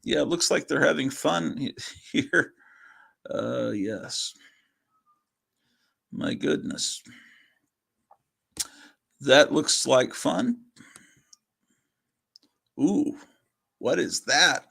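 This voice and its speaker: Slow gravelly guy rambling over old comics on a livestream, cusses under his breath. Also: medium pitch, lively intonation, fairly bright tone. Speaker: host. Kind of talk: casual livestream comic-book reading.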